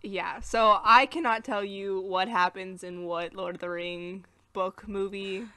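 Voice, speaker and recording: A chatty American woman co-hosts a casual movie podcast. Her voice is bright and forward, recorded close and dry with no room sound. She recaps plots in a loose, rambling way and laughs at her own stumbles. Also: medium pitch, fairly even intonation, unhurried, smooth, no room sound. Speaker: podcast co-host. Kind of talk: casual movie review chat.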